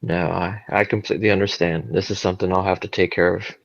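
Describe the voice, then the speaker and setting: Low, gravelly man on a dull lo-fi mic. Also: fairly even intonation, fast talker. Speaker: player. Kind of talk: in-character tabletop role-play.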